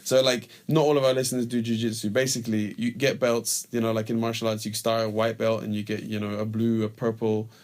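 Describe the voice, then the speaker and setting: A man's voice: fairly low pitch, flat delivery, fairly quick, hardly any pauses, a little mellow. A man co-hosting a podcast, teasing his partner and swearing freely. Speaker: podcast co-host. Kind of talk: casual chat.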